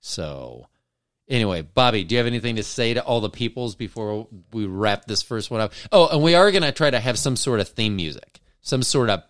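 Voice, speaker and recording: A middle-aged man with a smooth, resonant, fairly low voice rambles and teases his co-host in a loose podcast chat. He swears freely and keeps a playful, joking tone. The sound is dry and close, with no room around it. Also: expressive, brisk, a bit bright, dry recording. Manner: joking, teasing, profane. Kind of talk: casual chat.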